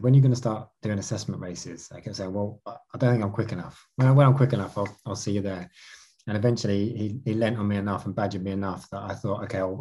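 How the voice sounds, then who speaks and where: Husky-voiced man, animated storyteller. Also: on the low side. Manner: animated, many restarts. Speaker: marathon canoe racer. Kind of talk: interview answers.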